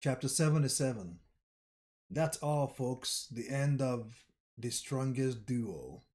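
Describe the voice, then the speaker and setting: Slow, casual man reading a manga aloud. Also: medium pitch, animated, a little mellow. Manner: slow and casual, stumbling and correcting himself. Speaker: manga reader and channel host.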